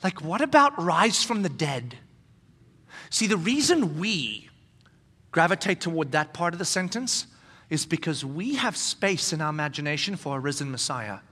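Male pastor, high and bright, preaching in an animated, conversational way in a reverberant hall. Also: moderate pace, breathy edge. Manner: animated, acts out quoted voices. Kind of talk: conversational sermon.

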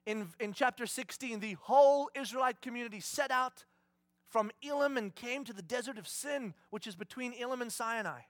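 A man preaching a conversational, animated sermon, often acting out voices. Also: very high voice, moderate pace, dry recording. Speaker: pastor.

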